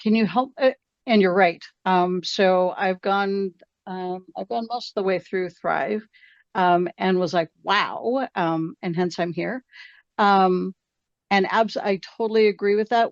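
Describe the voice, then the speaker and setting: Role: hesitant woman client, gravelly low voice, on a dry, dull video call line. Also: fairly even intonation, a little slow, no room sound. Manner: hesitant, lots of ums. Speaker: coaching client. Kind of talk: asking for coaching on a video call.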